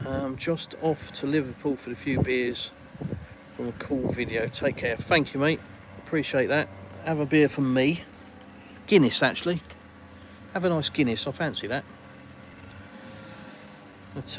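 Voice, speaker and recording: A man's voice: medium pitch, a little hiss or hum, rough recording. An English man hosting a casual live stream outdoors in a garden, rambling and colloquial as he reads viewers' comments aloud. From England.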